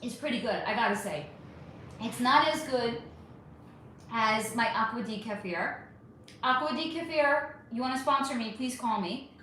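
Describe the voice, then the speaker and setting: On her live stream, a woman with a high-ish, pushed, bright voice reads out viewer comments and chats casually, cursing freely and addressing people as honey. She speaks at a moderate pace with long pauses, and the very echoey room carries a faint background hum.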